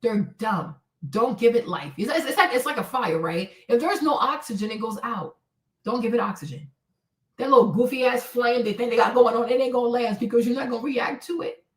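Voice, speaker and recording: A woman's voice: fairly high pitch, brisk, roomy sound, far from the mic. A woman hosting a livestream, handing out blunt relationship advice in a brash, profane, mocking way. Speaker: livestream host.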